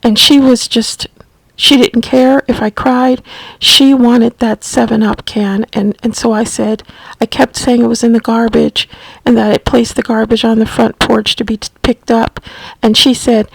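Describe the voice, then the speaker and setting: A middle-aged woman telling a personal story about caring for her mother, slow and gently reflective. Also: fairly high pitch, flat delivery, vocal fry, slightly rough, no room sound, low-quality recording. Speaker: family caregiver recounting her mother's illness.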